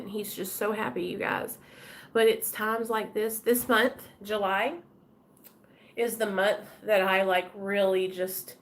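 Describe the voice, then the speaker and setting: Candid chatty woman with a drawl. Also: medium pitch. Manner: candid, chatty, addresses viewers and commenters by name. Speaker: vlogger talking to live chat. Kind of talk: casual live-stream chat.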